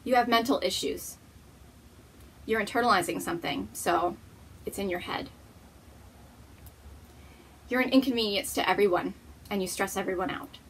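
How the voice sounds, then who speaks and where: A woman's voice: medium pitch, normal speed, long pauses, fairly bright tone, slightly rough. A woman hosting a knitting podcast, talking casually to camera in an earnest, encouraging way, and cooing to her pet.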